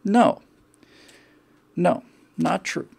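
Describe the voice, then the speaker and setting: A man's voice: sits high, extremely slow, vocal fry, darkish tone, husky. A man from the United States hosting a show, giving a rambling, sardonic political commentary monologue. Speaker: show host.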